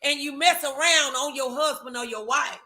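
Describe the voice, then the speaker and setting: A woman's voice: high voice, moderate pace, sharp tone. A woman co-hosting a podcast, giving emphatic faith-based advice, repeating her phrases. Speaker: podcast co-host.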